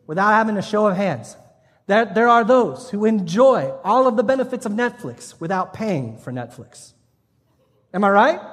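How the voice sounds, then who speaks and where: A man with a high-pitched voice preaches in a church, moving between easy joking and earnest, passionate appeals. His voice carries a long reverb tail from the big hall. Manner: passionate, conversational preaching with humor. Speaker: pastor. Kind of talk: sermon. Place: church sanctuary.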